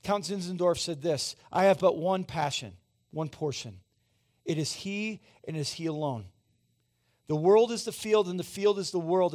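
A man's voice: fairly high pitch, darkish tone. A man in his forties preaching a sermon as pastor, conversational and often asking the congregation questions. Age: 40s. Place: church sanctuary.

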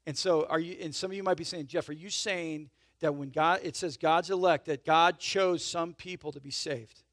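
A man's voice: on the high side, fairly even intonation, moderate pace, no echo. Emphatic preaching man, dry close sound. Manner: conversational preaching, frequent "right?" and "okay?" check-ins; emphatic swells in volume, then drops to soft intimate asides. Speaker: pastor. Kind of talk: sermon.

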